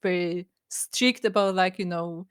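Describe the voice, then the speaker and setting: A woman's voice: fairly low pitch, measured pace, smooth, dry recording, studio quality. A woman co-hosting a show review podcast, chatting casually and often agreeing along. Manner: chatty, frequent backchannel agreement. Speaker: podcast co-host.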